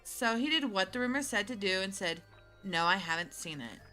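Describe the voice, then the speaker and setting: A woman's voice: mid-range voice, animated, normal speed, sharp tone, faint music behind. A woman voicing a bubbly young schoolgirl in a Valley Girl drawl, reading game dialogue aloud. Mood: gossipy.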